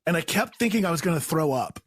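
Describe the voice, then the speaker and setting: A man with a slightly high voice talks fast as a guest storyteller in a casual chat, recounting a funny story. He's animated, acting out what people said in raised voices and laughing along the way. There's no echo.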